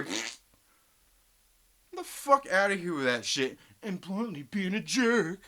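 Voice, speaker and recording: Profane bright-voiced man ranting on stream. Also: sits high, very animated, takes it slowly, long pauses. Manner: profane, laughing, reading chat aloud. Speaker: live stream host. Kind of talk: casual live stream rant.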